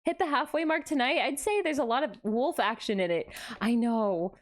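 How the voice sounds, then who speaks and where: A woman's voice: on the high side, animated, moderate pace. A young adult woman streaming casually, greeting chat with gasps and laughs. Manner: bubbly, gasping greetings to chat, frequent laughs. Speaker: VTuber streamer.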